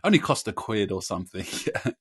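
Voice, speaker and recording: A man, co-hosting a casual podcast chat in a relaxed, agreeable way. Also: on the low side, fairly quick, breathy edge. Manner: laid-back, agrees a lot, chuckles. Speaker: podcast co-host.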